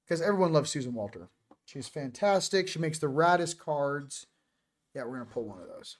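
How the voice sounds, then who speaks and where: Joking, rambling man with a higher voice. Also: expressive, moderate pace. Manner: joking, rambling, self-interrupting. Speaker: host. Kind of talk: casual morning livestream chat.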